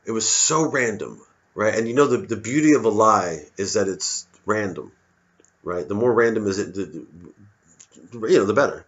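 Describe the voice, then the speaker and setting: A man with a fairly low voice rambles through a stand-up monologue, cutting himself off mid-thought and swearing freely. The recording is dull and lo-fi. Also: lively intonation, moderate pace. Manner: digressive, self-interrupting, profane. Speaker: comedian.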